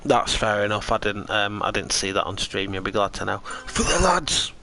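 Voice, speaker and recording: A man's voice: on the low side, level tone, brisk, gravelly, pushed and bright, a little hiss or hum, low-quality recording. A tired man giving chatty, rambling commentary on a live sim racing stream and answering his chat.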